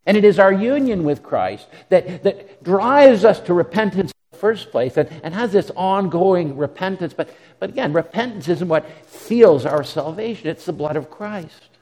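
A man's voice: high voice, animated, normal speed, warm tone. A man preaching a sermon in an earnest way, often repeating words as he restarts. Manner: earnest, repeats words when restarting, dramatic quoted asides. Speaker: pastor. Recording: long hall reverb.

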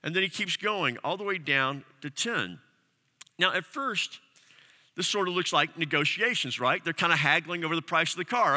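Bright-voiced male pastor preaching in a hall. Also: on the high side, expressive, normal speed. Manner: earnest preaching with repeated phrases and emphatic questions. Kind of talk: sermon. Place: church sanctuary.

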